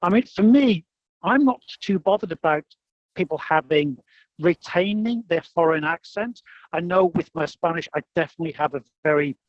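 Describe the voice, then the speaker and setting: A man's voice: a little high, expressive, normal speed, no room sound. A British man chatting casually as a guest, thinking aloud with fillers on a video call. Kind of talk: casual live-stream discussion. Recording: dull, dry video-call audio.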